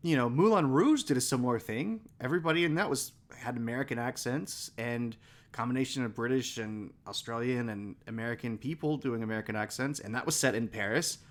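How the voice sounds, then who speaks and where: A man's voice: mid-range voice, fairly quick. A man co-hosting a podcast, giving rambling, emphatic opinions in casual chat. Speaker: podcast co-host.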